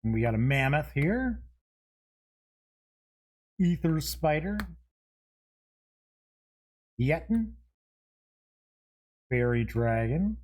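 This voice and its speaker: A man with a fairly high voice takes his time, hosting a casual unboxing. He reads names off one by one in a slow, unhurried way and drops in short asides and self-amused chuckles. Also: big pitch swings, a little mellow. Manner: chuckles at himself. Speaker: show host.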